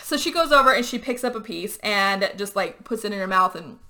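A woman hosting a podcast, recapping a movie in casual, animated chat. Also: medium pitch, fairly quick. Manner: animated storytelling with frequent likes and laughs. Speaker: podcast host.

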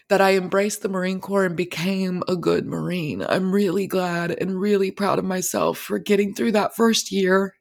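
A young woman hosts a podcast, delivering a candid, emotional personal monologue and swearing freely. Her voice is mid-range and gravelly.

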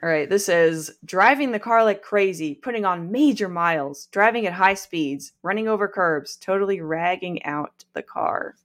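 A woman's voice: on the low side, animated, normal speed, few pauses, a bit bright. A woman hosting a podcast, reading aloud from a book with wry asides and frequent laughs. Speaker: podcast host.

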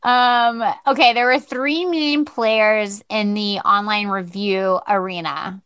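A woman's voice: medium pitch, steady tone, slow, a bit bright, clear, resonant tone, no echo. A woman co-hosting a podcast in casual chat, giggly and chatty with frequent laughter. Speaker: podcast co-host.

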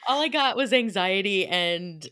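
A young adult woman co-hosting a podcast, talking in an earnest, animated way and sometimes trailing off mid-thought. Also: mid-range voice, unhurried, smooth, dry recording. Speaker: podcast co-host. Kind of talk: casual chat.

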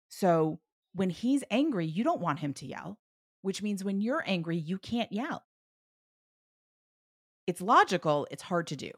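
A woman coaching a parent with advice, acting out example phrases with lively emphasis. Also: on the low side, dry recording, studio quality. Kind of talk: advice session.

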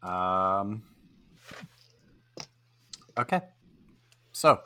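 A man running a tabletop game in casual talk, with slow drawn-out fillers. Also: deep voice, expressive, pushed and bright.

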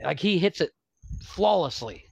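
A man's voice: on the high side, sing-song, measured pace, gravelly, a little mellow, breathy edge, dry recording, dull audio. A man hosting a podcast, telling a story in a rambling way, swearing freely and laughing often. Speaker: podcast host. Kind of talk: casual profane chat.

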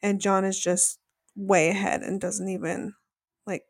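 A woman's voice: mid-range voice, level tone, unhurried, dry recording, clean studio sound. A woman co-hosting a podcast, casually and animatedly retelling a reality show episode, saying "like" often. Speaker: podcast co-host.

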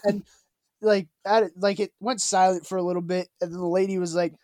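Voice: medium pitch, little pitch movement, brisk, warm tone, dry recording, clean studio sound. A speaker casually retelling a bar story with a friend, laughing often and acting out the people involved.

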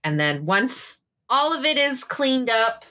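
A woman's voice: high voice, big pitch swings, takes it slowly, bright, forceful tone. A woman playing a tabletop role-play game, describing her character's actions in a rambling, casual way with swearing. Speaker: player.

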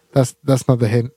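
Goofy male podcast co-host, warm mellow tone, dry close mic. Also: medium pitch, husky, no echo. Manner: joking, goofy, tries accents. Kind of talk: casual chat.

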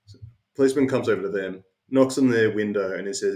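A man's voice: lowish voice, steady tone, a little fast. A man hosts a casual interview podcast. He drifts through a long story with plenty of fillers and restarts. His voice carries a noticeable room echo. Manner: rambling anecdotes with many fillers. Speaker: podcast host. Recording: roomy echo.

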